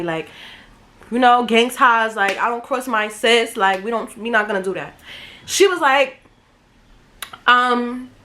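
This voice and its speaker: Bright-voiced young woman telling a story. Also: medium pitch. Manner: animated, slangy, acts out quoted voices. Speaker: vlogger. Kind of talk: casual storytime.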